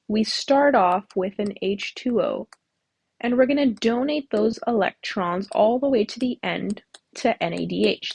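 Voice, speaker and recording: A woman's voice: medium pitch, breathy edge, dry recording. A woman tutor explaining a topic step by step, asking herself questions as she works through a diagram. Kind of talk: whiteboard lecture.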